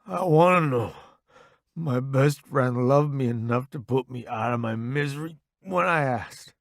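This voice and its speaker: A man voicing a dying young soldier who begs in a weak, slow, pleading voice. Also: mid-range voice, creaky, no echo, studio quality. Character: dying young male soldier, begging and fading.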